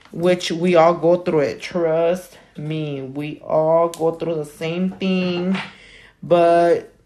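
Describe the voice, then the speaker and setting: A woman's voice: fairly low pitch, a little hiss or hum. A woman nail technician in casual livestream chat while doing her nails, blunt and profane as she vents. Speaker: nail technician and small business owner.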